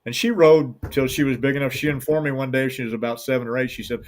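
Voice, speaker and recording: A man's voice: medium pitch, fairly even intonation, fast talker. A middle-aged man who guides hunts with hounds, telling a long story in an interview in a folksy, rambling way and acting out the voices of the people in it.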